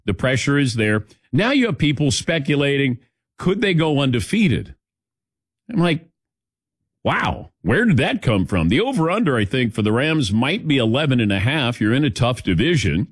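Middle-aged guy hosting sports radio, lively up and down voice, dry studio mic, chatty. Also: mid-range voice, moderate pace, breathy edge, no echo. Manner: chatty, storytelling, laughs often. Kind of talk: casual sports talk.

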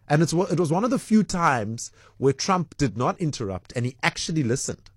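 Husky-voiced man, breakfast radio host, relaxed and chatty, heavy on fillers. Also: a little high, moderate pace, hardly any pauses, no echo, clean studio sound. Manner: chatty, reads out listener messages with many fillers. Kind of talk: breakfast radio call-in talk.

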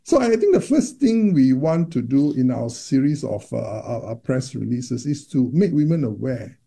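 Gravelly, dark-toned doctor explaining patiently. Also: male voice, mid-range voice, sing-song, moderate pace. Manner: explanatory, many repeated words and restarts. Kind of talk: interview about menopause research.

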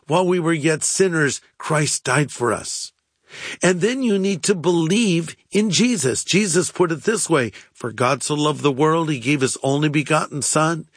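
Pastor, male, higher-pitched, earnest radio preacher, dry booth sound. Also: a bit bright, dry recording. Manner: earnest, preacherly, emphatic repetition. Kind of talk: radio sermon talk.

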